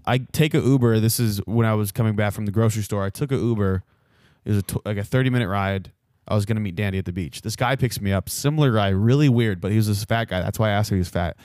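A young man co-hosting a podcast, telling an animated story in casual chat. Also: fairly low pitch, quick pace, no echo, studio quality.

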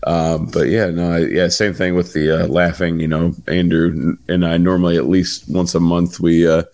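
A man co-hosting a podcast, talking in a halting, laid-back way with many fillers. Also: low voice, little pitch movement, a little mellow. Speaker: podcast co-host. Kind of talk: casual chat.

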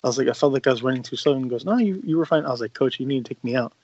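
A man's voice: mid-range voice, level tone, rapid-fire, a little mellow, no room sound, highs cut off. A young man, a podcast co-host, telling a long, laid-back, profane story in casual chat and acting out the lines he quotes.

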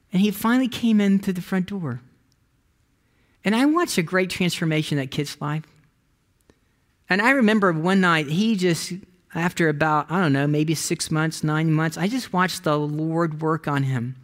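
A middle-aged male pastor delivers a sermon with a fairly high voice. He tells his stories with lively rises and drops and calls out to the congregation for a response. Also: normal speed.

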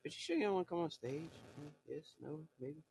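A man's voice: a little high, animated, a little fast, vocal fry, darkish tone, slight background noise, low-quality recording. A young man hosting a live audio chat in a casual, rambling, slangy way, repeating himself often. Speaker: podcast host on live audio stage.

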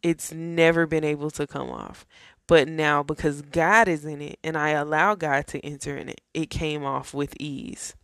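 A woman's voice: low voice, little pitch movement, normal speed, fairly bright tone, dry recording, clean studio sound. A woman giving an earnest, casual personal faith testimony, talking to her viewers as y'all and friends. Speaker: faith vlogger.

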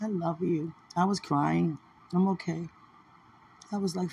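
A woman's voice: lowish voice, steady tone, slow pace, gravelly, pauses often, mellow, husky. A woman in casual, rambling chat, playful and affectionate, laughing often and talking aloud to God.

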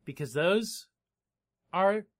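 A man co-hosting a casual comedy podcast, retelling a story with jokes, frequent laughs and quick character voices. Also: high voice, animated. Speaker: podcast co-host. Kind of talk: casual comedic recap chat.

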